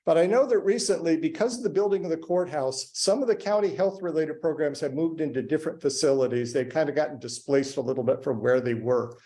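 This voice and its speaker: A man giving halting public remarks to a school board, with many fillers and restarts. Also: a little high, dark tone. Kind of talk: public comment at a board meeting. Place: public meeting room.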